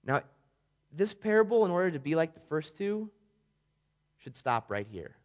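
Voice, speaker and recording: A man preaching a sermon, retelling a story vividly and swinging between loud emphasis and hushed tones. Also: a little high, sing-song, moderate pace.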